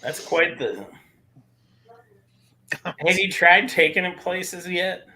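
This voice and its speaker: A man's voice: sits high, expressive, slow, sharp tone, a little hiss or hum. A man chatting casually and joking around with friends on a video call. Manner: joking, trying silly accents. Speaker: panelist. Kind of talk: casual chat.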